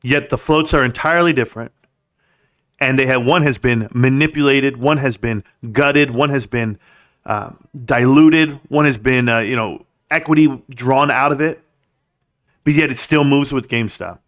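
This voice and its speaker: A man's voice: mid-range voice, moderate pace, fairly bright tone. A man hosting a live stream, ranting in a blunt, combative way and swearing. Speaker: livestream host. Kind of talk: heated ranting commentary.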